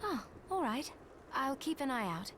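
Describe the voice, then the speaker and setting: A soft, modest heroine. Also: female voice, high-pitched, sing-song, moderate pace, background noise. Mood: calm. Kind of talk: video game voice acting.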